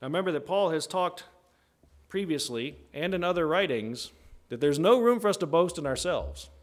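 A man's voice: expressive, normal speed. A man preaching a conversational sermon in a teaching tone, often checking in with "right?" and acting out quoted voices. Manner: acts out quoted voices with big pitch jumps.

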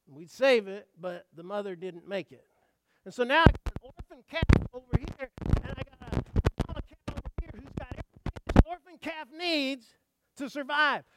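A man preaching a sermon, telling folksy stories and asking the congregation questions, swinging from hushed asides to loud emphatic outbursts. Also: high voice.

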